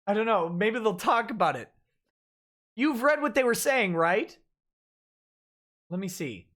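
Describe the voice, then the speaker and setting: A woman's voice: medium pitch, lively intonation, a little slow, a bit bright. A woman hosting a livestream, giving sarcastic, ranting commentary while reading text aloud with asides. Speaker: host.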